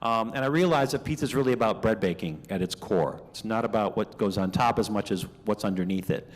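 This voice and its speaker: A man's voice: on the low side, brisk. Chatty male keynote speaker in a reverberant hall. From Minnesota. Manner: chatty, animated storytelling with asides. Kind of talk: conversational keynote speech. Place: banquet hall.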